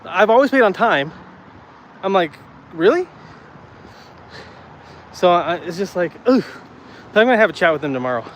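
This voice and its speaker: A man's voice: sits high, lively intonation, brisk, fairly bright tone. Male vlogger, casual walk-and-talk on a phone outdoors, a bit breathless, light traffic sounds behind. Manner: chatty, rambling, easily worked up. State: slightly out of breath from walking uphill. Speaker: vlogger chatting with live viewers. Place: outdoors on city streets. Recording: faint street noise outdoors.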